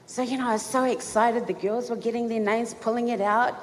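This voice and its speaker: A woman giving a eulogy at a funeral service, telling a personal story in an excited, giggly way. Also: fairly high pitch, brisk, few pauses. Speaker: eulogy speaker. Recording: reverberant hall, faint background noise.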